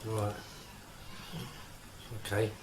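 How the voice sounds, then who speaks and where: A man's voice: extremely slow, a little mellow. A man asking questions in a hesitant, casual way as an interviewer.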